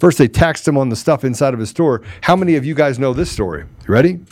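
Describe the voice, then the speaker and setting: A man's voice: medium pitch, lively intonation, quick pace, a little mellow. A man hosting a political podcast, ranting angrily and with heavy emphasis. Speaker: podcast host. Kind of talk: heated political commentary.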